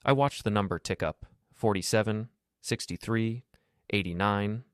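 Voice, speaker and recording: A man narrating a first-person story in a calm, level, flat delivery. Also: on the low side, moderate pace, smooth, no room sound, clean studio sound.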